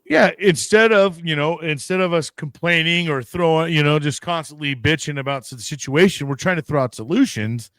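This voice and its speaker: A man's voice: fairly high pitch, moderate pace, few pauses, fairly bright tone, no echo. A man co-hosting a casual podcast chat, talking in long rambling runs, swearing freely and acting out his own reactions. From United States. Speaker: podcast co-host.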